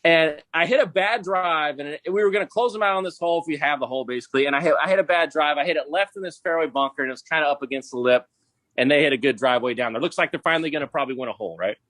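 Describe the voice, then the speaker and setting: A man's voice: fairly high pitch, very fast, a bit bright, no room sound. A man who plays golf professionally, telling a story as a podcast guest in a laid-back, casual way, full of "dude" and "bro". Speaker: podcast guest, pro golfer.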